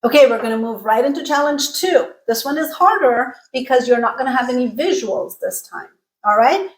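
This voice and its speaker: A woman teaching an online pronunciation lesson with a slightly high voice. She speaks clearly, coaches the listener and draws out each vowel sound in slow repeated drills. The room gives her voice a noticeable echo. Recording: roomy echo.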